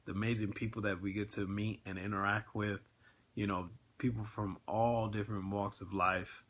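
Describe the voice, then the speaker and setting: Earnest low-voiced man, casual chat. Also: flat delivery, normal speed, a bit bright. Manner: emotional, earnest, many filler words. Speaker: network marketing livestream host.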